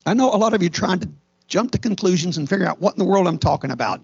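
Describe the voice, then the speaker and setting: A middle-aged man preaches with a high, husky voice full of gravelly fry. He tells his story earnestly and often restarts his sentences. The recording sounds dull and lo-fi. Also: animated, very fast. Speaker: pastor. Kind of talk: sermon.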